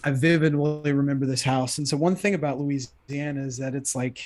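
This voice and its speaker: A young man telling a story on a podcast in an animated way, filling his talk with "like.". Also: medium pitch, fairly quick. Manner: animated, lots of "like". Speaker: podcast guest. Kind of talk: casual storytelling.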